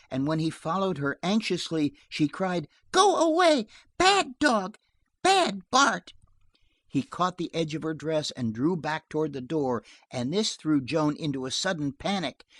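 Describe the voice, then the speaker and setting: An audiobook narrator reading a western novel aloud in an expressive storytelling manner. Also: mid-range voice, dry recording, clean studio sound.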